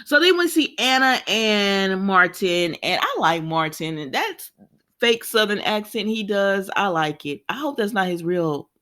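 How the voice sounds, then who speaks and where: A woman casually chatting to her viewers as she recaps a soap opera, animated and often laughing. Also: mid-range voice, a little slow. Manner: frequent laughter and sighs. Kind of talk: casual chat.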